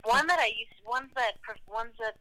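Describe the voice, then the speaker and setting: A woman chatting casually as a guest, recounting funny stories with deadpan delivery. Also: on the high side, moderate pace, rough recording. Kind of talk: casual chat.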